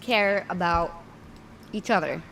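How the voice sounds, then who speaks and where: A woman's voice: on the low side, slow, vocal fry, a bit bright, a little hiss or hum. A woman hosting a livestream, speaking earnestly and close to tears. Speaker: livestream host. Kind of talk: emotional livestream commentary.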